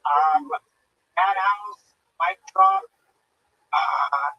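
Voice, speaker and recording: A man's voice: high-pitched, huge pitch swings, very slow, gravelly, slightly rough. A man, a comedian, joking in an offhand way during stand-up and crowd work. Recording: distant mic, dull lo-fi sound, faint noise.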